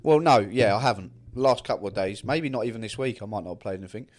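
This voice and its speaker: A man's voice: fairly low pitch, fast talker. A man from England, co-hosting a podcast in casual, sweary banter full of teasing and mock outrage. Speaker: podcast co-host. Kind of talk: casual chat.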